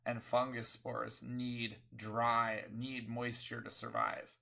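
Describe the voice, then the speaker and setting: A man's voice: medium pitch, level tone, takes it slowly, vocal fry, a crowd in the background. A sick man co-hosting a casual chat. He rambles, corrects himself, and makes wry remarks. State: sick, coughing. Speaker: podcast co-host.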